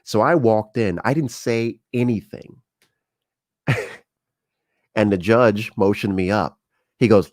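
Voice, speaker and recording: A low-pitched man with an American accent hosts a live talk stream. He tells personal stories loosely, restarting sentences and filling pauses with ums. His voice sits close and dry, with no room sound around it. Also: darkish tone, no room sound. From United States. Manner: conversational storytelling with frequent fillers and restarts. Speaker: show host.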